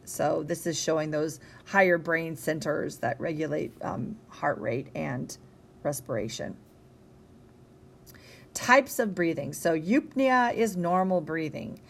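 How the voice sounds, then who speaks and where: A tired young woman teacher talks through a recorded science lecture in a casual, chatty way. Her voice sits a little low, and she keeps checking in with her listeners. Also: takes it slowly, vocal fry, a little hiss or hum. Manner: casual, conversational, with many ums and rhetorical "okay?". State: tired, yawning.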